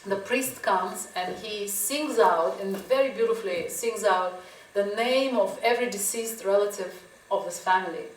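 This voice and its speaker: A woman's voice: mid-range voice, moderate pace, few pauses. Woman, photographer at a gallery Q&A; easy storytelling manner; distant mic in a reverberant room. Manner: chatty storytelling, frequent laughs and "you know". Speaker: photographer answering audience questions. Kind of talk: gallery Q&A talk. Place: gallery talk in front of an audience. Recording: echoey room, voice from a distance, faint hiss.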